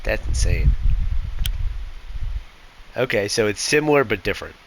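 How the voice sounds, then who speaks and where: A man's voice: lowish voice, sing-song, unhurried, vocal fry. A man co-hosting a podcast, chatting casually about a book and thinking aloud with restarts. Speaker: podcast co-host. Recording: noisy background hiss.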